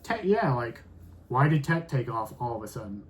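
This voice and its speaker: A man's voice: mid-range voice, very animated, normal speed, a little hiss or hum. A man in his thirties chatting on a podcast in a middle-range voice. He rambles along, leaning on "like" as he hunts for his point. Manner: rambling, heavy use of "like". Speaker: podcast co-host. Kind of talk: casual chat.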